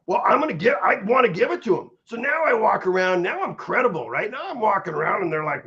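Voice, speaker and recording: A man's voice: high-pitched, fast talker, vocal fry. A middle-aged man giving an emphatic personal testimony as an interviewee, with many restarts and repeated words. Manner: energetic, repetitive restarts, emphatic. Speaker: interviewee, stroke survivor. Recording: dull lo-fi recording.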